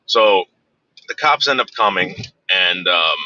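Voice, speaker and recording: Deep-voiced and sharp, a man tells a rambling, profane story slowly, with lively intonation, repeatedly cutting himself off and looping back. There's no echo; the lo-fi recording is dry and dull.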